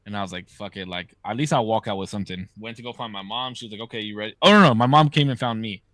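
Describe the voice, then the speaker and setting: Bright-voiced man telling stories loosely. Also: fairly low pitch, racing, no room sound. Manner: loose, profane storytelling. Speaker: podcast host. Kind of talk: casual chat.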